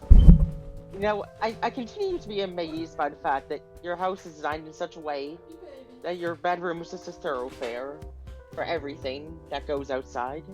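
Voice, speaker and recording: Low-voiced woman, joking and blunt. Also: normal speed, music in the background, poor audio. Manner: joking, blunt, swears casually. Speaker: co-streamer playing a story game. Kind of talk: casual chat while playing a game.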